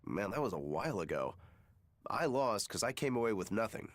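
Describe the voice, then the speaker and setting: Easygoing swordsman, lively pitch, relaxed and upbeat, game voice. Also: fairly quick, no echo. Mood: casual. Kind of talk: game voice acting.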